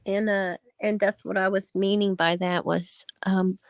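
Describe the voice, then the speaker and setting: A woman's voice: medium pitch, little pitch movement, unhurried, dry recording. A woman chatting casually as a guest on a stream, talking earnestly and rambling with many restarts. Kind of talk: casual chat.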